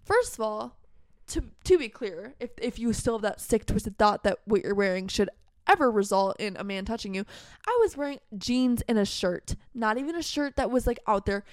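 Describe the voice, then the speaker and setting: This young woman hosts a podcast, delivering a candid, heated monologue at a fast, emphatic clip and saying "like" constantly. Her pitch runs on the high side and she sounds animated. There's no echo, and the sound is studio quality.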